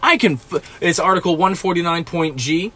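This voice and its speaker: A man's voice: high voice, animated, normal speed, pushed and bright. A man hosting a solo podcast from a small closet, ranting profanely and with exasperation. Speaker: podcast host.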